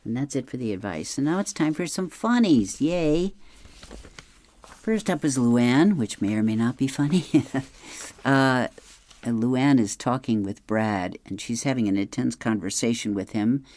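A man reading an advice column and newspaper comics aloud, explaining the jokes in a gentle, chuckling way. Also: medium pitch, animated, measured pace.

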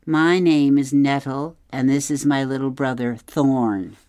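A woman's voice: a bass voice, fairly even intonation, unhurried, warm tone, clear, resonant tone, no echo, clean studio sound. A woman voicing Nettle, a sneering young she-bear. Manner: mocking, taunting. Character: bossy young female bear, sneering bully. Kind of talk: read-aloud storybook.

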